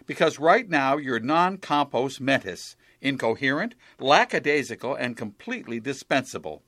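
A sarcastic, blustering lawyer boss. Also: male voice, medium pitch, big pitch swings, moderate pace, fairly bright tone, dry recording. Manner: sarcastic, exasperated. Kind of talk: 1950s radio sitcom acting.

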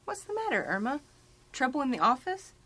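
An actress playing a sensible, wisecracking young roommate in a 1950s radio sitcom. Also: female voice, high-pitched, sing-song, fairly quick, sharp tone, soft background music, heavily acted. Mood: brisk.

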